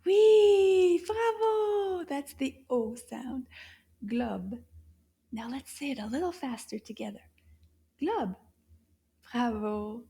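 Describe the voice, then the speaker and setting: A woman teaching young children a language lesson, talking in a slow, exaggerated, animated way with frequent gasps and hushed whispers. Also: a little high, creaky, slightly rough.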